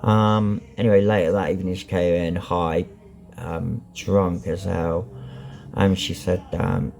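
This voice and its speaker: A man's voice: low-pitched, flat delivery, a little slow, gravelly, a little mellow, soft background music. A man vlogging candidly about his life, talking bluntly and rambling with lots of ums and you-knows. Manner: blunt and frank, swears. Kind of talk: candid personal vlog.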